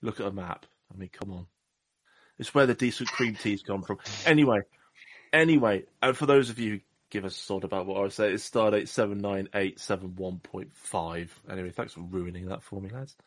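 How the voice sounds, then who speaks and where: Lowish-voiced rambling male podcast host. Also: fairly quick, no echo. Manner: rambling, self-deprecating, jokey. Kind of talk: casual chat.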